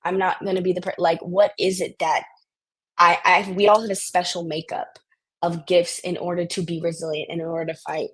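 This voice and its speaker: A woman talking as a podcast guest in animated, casual conversation, often restarting her sentences. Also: on the low side, fairly quick, breathy edge.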